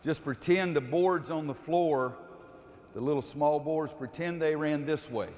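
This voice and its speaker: This older man's voice is on the high side, a little slow and slightly mellow. He's leading a coaching clinic on a gym court, walking basketball players through a defensive drill with instructive explanations and barked, repeated calls, all carrying the long reverb of a large gym.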